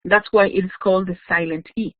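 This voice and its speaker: A woman's voice: mid-range voice, steady tone, fast, no echo. A woman teaching English grammar in an online class, explaining patiently and checking in with "yes?". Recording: dry, tinny phone-like audio.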